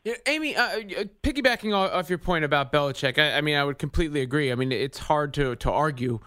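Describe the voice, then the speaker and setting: Sports radio host man, smooth voice. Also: fairly high pitch, lively intonation, fast talker, bright, forceful tone, no echo, studio quality. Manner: conversational, stumbling restarts, asks long questions. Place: radio studio. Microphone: studio mic.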